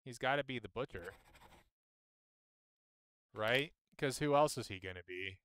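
A man streaming a game, chatting and thinking aloud as he plays, with sudden jumps in pitch when excited. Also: measured pace, smooth. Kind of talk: casual gameplay commentary.

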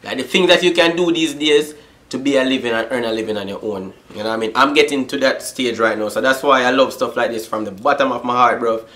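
Fast and a bit bright, a medium-pitched young vlogger rattles through an unboxing for YouTube. He swears freely and leans on slangy catchphrases in excited chatter.

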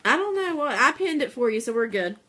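A woman's voice: high-pitched, very animated, fairly quick, bright, forceful tone, a little hiss or hum. A woman with a stuffy nose hosting a casual live-stream sale, chatting to viewers by name while she multitasks.

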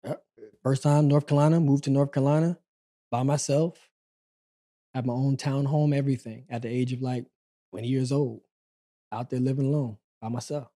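A man in his forties, a guest on an interview show, telling stories from his past in a relaxed, conversational way. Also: medium pitch, normal speed, pauses often. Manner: relaxed, conversational, acts out quoted dialogue. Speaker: interview guest, former sprinter. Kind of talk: casual storytelling interview.

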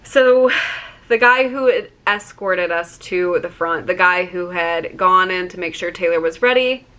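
Bright, gushing young woman. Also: fairly low pitch, measured pace. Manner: excited, gushing, heavy use of "like". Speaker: vlogger. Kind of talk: casual storytime.

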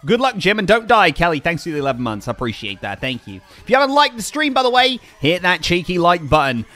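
A young man live-streaming a game, chatting excitedly and thanking viewers as he plays. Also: high-pitched, fast. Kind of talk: casual live-stream chat while gaming.

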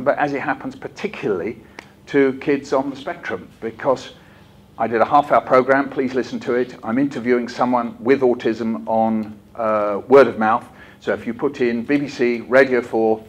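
An older man giving a lively, jokey storytelling talk to a hall of teachers, acting out bits as he goes. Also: mid-range voice, breathy edge. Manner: lively, jokey, acts out voices and poems. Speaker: children's author giving a talk. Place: conference hall.

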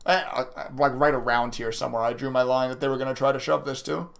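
A man's voice: mid-range voice, little pitch movement, quick pace, gravelly, fairly bright tone. A young man streaming his day trading live, talking casually to his chat, frustrated and swearing as he reads messages. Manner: frustrated, swearing, chatting to viewers.

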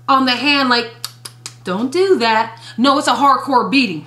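Woman evangelist, bright forceful preacher, emphatic swooping delivery, reverberant room. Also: high-pitched, expressive, normal speed. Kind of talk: fiery sermon.

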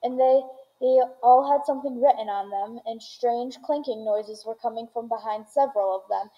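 A woman reading a children's book aloud in steady storytelling, with occasional small restarts. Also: a little high, normal speed, dull audio.

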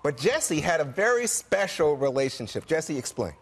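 A man's voice: a little high, big pitch swings, normal speed, husky. A man co-hosting a panel talk show, chatting casually and passing questions to the other panelists. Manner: conversational, passes questions to others. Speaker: co-host leading the panel.

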